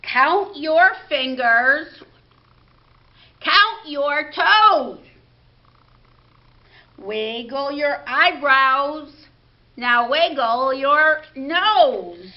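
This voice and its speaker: A woman leading a baby story time as a librarian, reading rhymes in a slow, animated sing-song. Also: high-pitched, lo-fi sound. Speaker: children's librarian.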